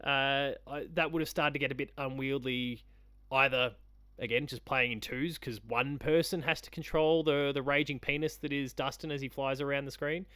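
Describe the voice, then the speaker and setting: A man co-hosts a podcast about games, chatty and quick to joke. His voice is recorded close and dry, with no room sound. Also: mid-range voice, steady tone, a bit bright, clear, resonant tone, no room sound. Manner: chatty, joking. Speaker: podcast co-host. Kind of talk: casual review chat.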